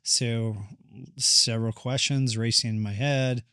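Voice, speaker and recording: A man's voice: medium pitch, steady tone, measured pace, sharp tone, smooth, dry recording, studio quality. A man, a therapist guest on a podcast, candidly recounting a hard personal experience and reflecting on what it meant. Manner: reflective, candid, relives moments in quoted speech. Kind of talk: personal storytelling interview.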